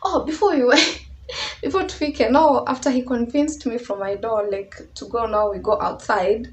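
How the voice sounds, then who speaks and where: A woman's voice: on the high side, moderate pace, darkish tone, a little hiss or hum, low-quality recording. A young woman with a Kenyan accent telling a casual storytime, chatty and mixing in Swahili slang. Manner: chatty, mixes English with Swahili slang, laughs often. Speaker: vlogger.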